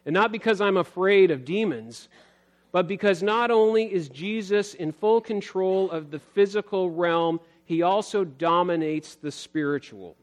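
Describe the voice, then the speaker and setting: Earnest man preaching a sermon. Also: measured pace. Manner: earnest, builds emphasis then drops low, reads scripture aloud. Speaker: pastor.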